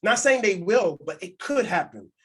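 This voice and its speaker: This is a man co-hosting a casual podcast, speaking. His voice sits high for a man, and he tells candid stories, often acting out what others said. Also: lively intonation, moderate pace, slightly rough. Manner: candid storytelling, acts out quotes in other voices. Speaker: podcast co-host.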